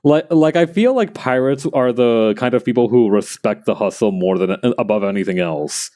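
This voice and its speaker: A man's voice: mid-range voice, animated, normal speed, warm tone. A man streaming as he makes a plush, rambling and joking and often laughing. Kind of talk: casual chat while crafting.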